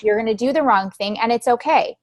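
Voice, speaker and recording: A woman's voice: fairly high pitch, fairly quick, a little mellow. A woman in her thirties leading a motivational talk for her team on a group call, emphatic, repeating key phrases and asking her listeners questions. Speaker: team leader giving a training recap.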